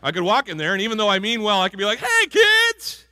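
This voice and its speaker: A man's voice: sits high, rapid-fire, bright, forceful tone. A male pastor giving a conversational sermon and asking the congregation questions. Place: church sanctuary. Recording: hall reverb from a church.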